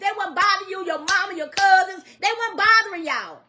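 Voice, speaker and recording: Mom, middle aged, real high pitched voice, grieving and mad, repeats herself, scolding hard. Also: female voice, fast talker, few pauses, background noise. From Louisiana, US. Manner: emphatic, repetitive, scolding. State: grieving and angry. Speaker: grieving mother. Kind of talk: impassioned public plea.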